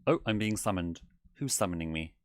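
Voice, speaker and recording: Casting: man playing a theatrical male owl demon prince, lower-voiced, fond of "darling", streaming a game. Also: expressive, fairly quick, dry recording, clean studio sound. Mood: playful. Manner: theatrical, calls people darling, giggly. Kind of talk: in-character gameplay livestream.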